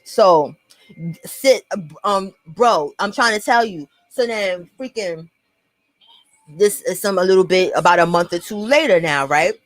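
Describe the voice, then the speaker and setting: A woman's voice: medium pitch, measured pace, no echo, soft background music, poor audio. A young woman with a New York accent telling a personal story to camera in a blunt, profane storytime vlog, talking straight to her viewers.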